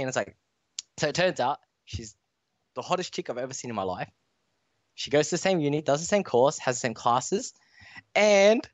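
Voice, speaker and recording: A man's voice: on the high side, dry recording. A young Australian man telling a long story as a podcast guest, rambling with lots of fillers. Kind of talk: casual storytelling. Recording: dull dry sound.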